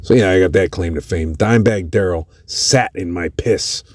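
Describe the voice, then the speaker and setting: A man's voice: low voice, normal speed, darkish tone, dry recording. A man hosting a podcast, telling a story in a casual, profane way with lots of cursing. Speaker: podcast host.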